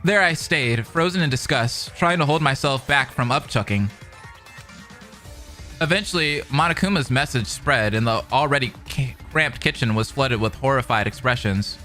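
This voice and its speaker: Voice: medium pitch, animated, normal speed, bright, forceful tone, faint music behind. A voice actor narrating a fan-made game in storybook style. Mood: grim.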